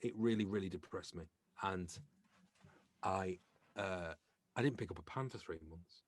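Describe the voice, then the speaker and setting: This middle-aged comedian and actor from England speaks low and at a moderate pace while guesting on a podcast. His talk is relaxed and anecdotal, and he brings his stories to life by performing the quoted voices of the characters in them.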